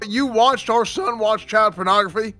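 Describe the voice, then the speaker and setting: A man's voice: a little high, animated, normal speed, no room sound, faint music behind. A man playing a hot-tempered old husband who curses and rants. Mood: furious. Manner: cursing, ranting, yelling in bursts.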